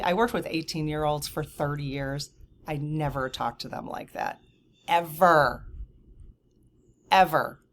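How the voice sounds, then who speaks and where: Low-voiced indignant woman in her fifties. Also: slight background noise. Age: 50s. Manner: animated, indignant, lots of fillers and asides. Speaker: vlogger. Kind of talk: casual storytelling to camera.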